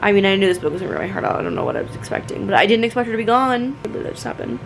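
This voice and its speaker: A woman's voice: mid-range voice, wildly swooping pitch, very fast, vocal fry, a little hiss or hum. A young woman vlogging casually at home about a book she is reading, emotional and full of "like"s. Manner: gushing, emotional, filler-heavy with many "like"s. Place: at home with her dog.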